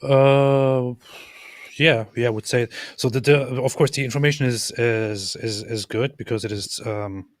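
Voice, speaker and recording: A man's voice: mid-range voice, steady tone, a little slow, no echo. A man in casual conversation, speaking hesitantly with many fillers and repeated words. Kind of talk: casual chat.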